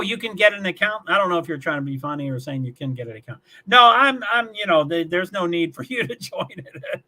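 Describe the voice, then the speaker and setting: A man's voice: on the high side, pushed and bright. A man from Kentucky hosting a casual livestream from his small apartment, reading chat messages aloud, rambling, repeating words and chuckling often. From Louisville, Kentucky. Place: small one-bedroom apartment.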